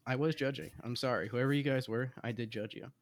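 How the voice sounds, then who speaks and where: A man with a medium-pitched voice tells a rambling, self-deprecating story in casual podcast chat. He doubles back on himself as he talks. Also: fairly even intonation, fast talker.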